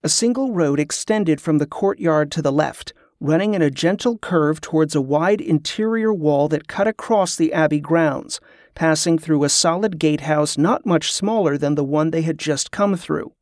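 A man's voice: a little high, moderate pace, a little mellow, no echo. Man narrating a fantasy audiobook, dry.

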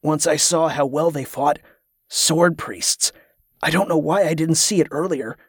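A wounded young man speaking in strained, breathless phrases, as a man puts him on. Close, dry sound in the reader's own fairly high register. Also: measured pace, fairly bright tone, slightly rough, no room sound, heavily acted.

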